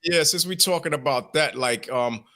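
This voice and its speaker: A man hosts a podcast in an easygoing way. His voice is bright and forward, and he backs up his guests with short affirming replies. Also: fairly high pitch, normal speed. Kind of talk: casual podcast chat.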